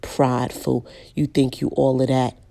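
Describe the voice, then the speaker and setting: A woman preaching in a blunt, direct way, repeating key lines and slowing down to drive her points home. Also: low voice, creaky, mellow. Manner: direct, emphatic, repeats lines and slows down for stress. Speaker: online preacher.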